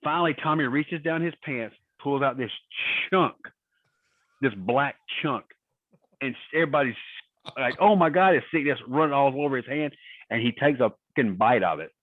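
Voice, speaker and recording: A man with a medium-pitched voice speaks at normal speed as a podcast guest on a remote call, telling profane anecdotes and laughing in casual storytelling. The recording is dry, with a tinny phone-line sound.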